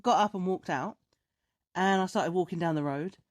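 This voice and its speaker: A woman on a podcast, casually chatting and telling a story with lively, animated delivery. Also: fairly low pitch, moderate pace. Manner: animated storyteller, acts out dialogue in raised voice. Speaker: podcast co-host.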